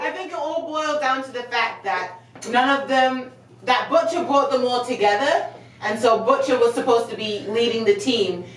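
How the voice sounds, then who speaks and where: A woman's voice: fairly high pitch, moderate pace, a little hiss or hum. A woman in a casual review chat, laying out her view in a level, explanatory way. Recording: echoey room, distant mic.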